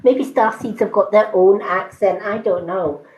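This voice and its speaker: A woman in her fifties with a mixed British accent, giving a card reading on a live stream in an unhurried, hesitant, reassuring way with many ums. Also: medium pitch, darkish tone, rough recording. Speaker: tarot card reader.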